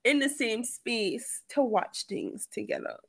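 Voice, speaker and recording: A woman's voice: a little high, measured pace, creaky, breathy edge. A young woman co-hosting a podcast, chatting in a playful, teasing way and repeating phrases for effect. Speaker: podcast co-host. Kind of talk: casual chat.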